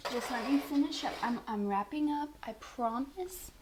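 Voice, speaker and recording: A woman hosting a casual reaction vlog, talking in a slightly high voice. She rambles and jokes about herself, often sinking into a soft whisper or cooing baby talk to her pets. Faint clicking sounds run in the background. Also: moderate pace, noisy background. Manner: chatty and self-deprecating, often dropping to a soft whisper. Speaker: reaction video host.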